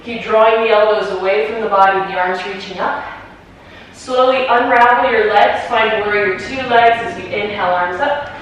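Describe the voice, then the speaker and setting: A woman teaching a yoga class, calmly cueing each breath and pose step by step, a little out of breath. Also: medium pitch, moderate pace, heavy reverb, far from the mic, slight background noise, rough recording. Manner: calm, encouraging step-by-step cueing. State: slightly out of breath. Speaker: yoga instructor. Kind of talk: guided yoga class cues.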